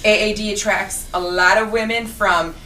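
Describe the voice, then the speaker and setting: A woman's voice: mid-range voice, fairly even intonation, moderate pace, pushed and bright. A woman who is a mother, rambling through an anecdote in a casual group chat with lots of fillers. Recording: echoey room, from far off, noisy.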